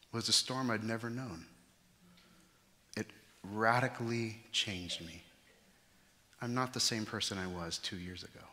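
Pastor guy preaching, bright forceful voice, big echoey church hall. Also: on the low side. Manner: animated, acts out the disciples' panicked voices. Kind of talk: sermon. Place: church sanctuary. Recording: church hall with long reverb.

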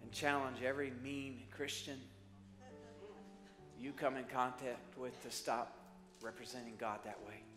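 A man's voice: medium pitch, flat delivery, measured pace. Man preaching in an echoey hall. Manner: shifts from loud exhorting to soft prayerful calls. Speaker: pastor. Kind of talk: sermon. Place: church sanctuary. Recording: echoey church hall with music behind.

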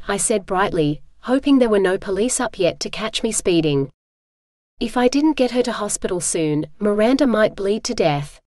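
A woman narrates an audiobook in first person, brisk and clear. Her voice sits at a middle pitch and the recording is dry and close. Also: expressive, a little mellow, no room sound.

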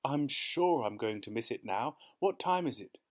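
A woman's voice: very deep voice, lively intonation, normal speed, darkish tone. A man reading aloud, voicing a meek, anxious older wife who speaks in a pleading, fretful way.

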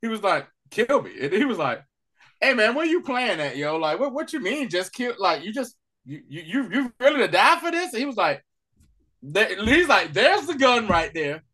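A man with a bright, ringing voice chats through a show recap. His tone sits a bit high. He keeps slipping into quick impressions of the scenes as he talks. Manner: animated, acts out scenes in quick voices, laughs often. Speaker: podcast co-host. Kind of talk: casual recap chat.

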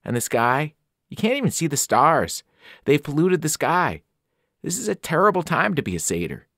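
A man's voice: a little high, sing-song, moderate pace, vocal fry, fairly bright tone, no room sound, studio quality, pitched above the performer's own voice, full character voice. A man voicing an earnest, anxious young male satyr in a storybook reading, raised and pleading. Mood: sad.

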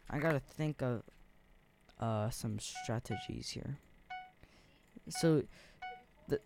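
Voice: medium pitch, a little mellow. A gaming video creator giving gameplay commentary, rambling and thinking aloud with lots of fillers.

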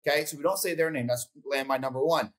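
A man's voice: fairly high pitch, quick pace. A man coaching real estate agents in casual podcast talk, blunt and profane, acting out phone calls as he goes.

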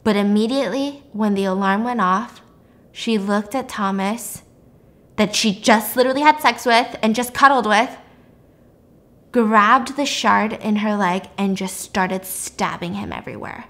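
A young woman YouTuber casually recapping a film's plot in a chatty, animated storytelling style. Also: mid-range voice, measured pace.

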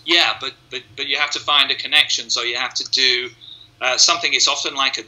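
In casual interview conversation, a male hypnotist guest takes listeners through his method step by step, voicing what his clients think. He speaks fairly quickly in a sharp, mid-range voice with fairly even intonation, on a rough recording.

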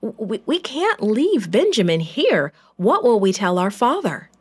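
Anxious grown brothers plead in a raised, strained voice, as a woman reading a children's Bible story puts them on. The tone is high and insistent. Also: very animated, slow, a little mellow, breathy edge, heavily acted.

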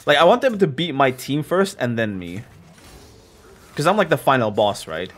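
A man's voice: mid-range voice, big pitch swings, normal speed, a bit bright. Joking young man commenting on gameplay. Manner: joking, rambling, self-mocking. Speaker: gaming streamer.

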